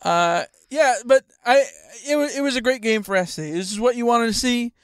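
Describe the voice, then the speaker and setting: Co-host, dry close sound, wry quick asides, middle pitch. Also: clean tone, no echo. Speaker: sports podcast co-host. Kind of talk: casual chat.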